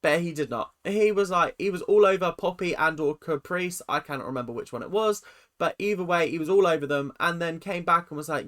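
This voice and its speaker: A YouTube commentator ranking reality-show contestants in a ranting, sarcastic, animated way, with pitch that jumps up and down. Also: a little fast.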